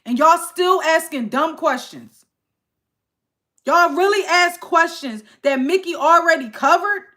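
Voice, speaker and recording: A woman's voice: extremely high pitch, measured pace, sharp tone. A young woman hosting a casual livestream, ranting to her chat in an exasperated way. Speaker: livestream host.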